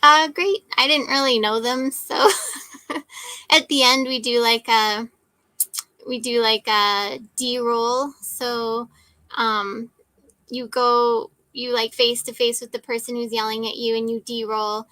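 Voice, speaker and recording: A woman in her forties talks casually and emphatically, with a high, bright, forceful voice. She leans on fillers and asks "right?" again and again as she tells her story. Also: steady tone, slow, no room sound. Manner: chatty, emphatic, many "like" and "right?" tags.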